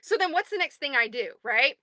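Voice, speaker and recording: A woman in her thirties, the owner of an online group, chatting excitedly on a livestream from home and greeting viewers by name. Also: high-pitched, a little fast, no room sound. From United States. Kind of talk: casual livestream chat.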